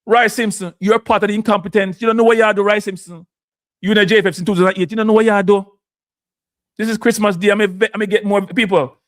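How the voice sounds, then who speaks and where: A man's voice: high voice, steady tone, quick pace. A man with a Jamaican accent, hosting a live stream and ranting heatedly, switching between standard English and patois. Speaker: host. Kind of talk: impassioned live-stream rant.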